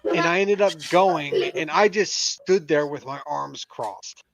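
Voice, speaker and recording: A man's voice: on the high side, unhurried, creaky, low-quality recording. A man co-hosting a podcast in casual chat, blunt, profane and rambling. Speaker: podcast co-host.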